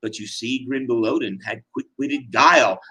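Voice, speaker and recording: A man's voice: mid-range voice, moderate pace, sharp tone, poor audio. A man giving a dramatic reading of a rhyming tale with a theatrical, sing-song delivery. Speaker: reader.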